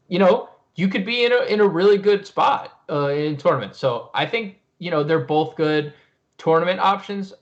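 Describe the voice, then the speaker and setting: A man talking fantasy basketball picks in a casual live-stream chat, filling pauses with ums and you-knows. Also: on the high side, dull audio. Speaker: fantasy sports analyst.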